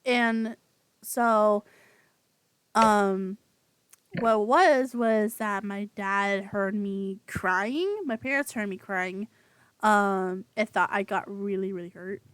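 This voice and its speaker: A woman's voice: medium pitch, slow pace, fairly bright tone, smooth. A woman co-hosting a podcast in casual chat, rambling with many fillers and frequent laughter, speaking over a home microphone on an online call. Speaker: podcast co-host.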